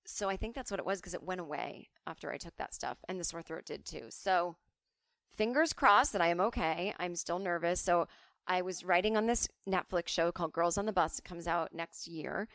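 A woman's voice: on the low side, normal speed, a bit bright, dry recording, studio quality. Chatty, profane woman telling comic stories. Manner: chatty, profane, self-mocking. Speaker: podcast host. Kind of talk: casual comic storytelling.

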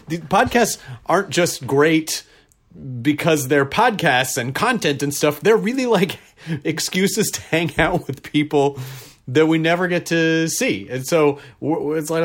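A man hosting his own podcast, talking casually and jokingly between listener notes with plenty of filler words. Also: medium pitch. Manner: chatty and jokey, frequent filler words, loose self-deprecating asides. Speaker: podcast host. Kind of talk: casual podcast monologue with listener mail and ad read.

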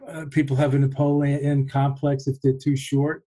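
A man in a reflective conversation, speaking in a measured, thoughtful way and often pausing to find his words. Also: medium pitch, little pitch movement, warm tone, slight background noise, rough recording.

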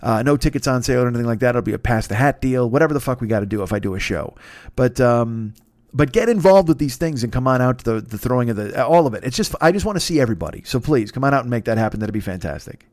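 A man's voice: mid-range voice, lively intonation, fast, a little mellow, no echo, clean studio sound. A man hosting a podcast, doing rambling, profane, joking ad reads in a casual chat style. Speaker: podcast host.

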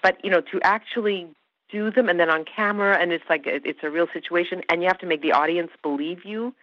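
A woman's voice: on the low side, fast, no room sound. A woman being interviewed about her acting work, talking emphatically and often restarting her sentences. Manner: animated, emphatic, with many restarts. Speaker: actress guest. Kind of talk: interview conversation. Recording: dull lo-fi sound.

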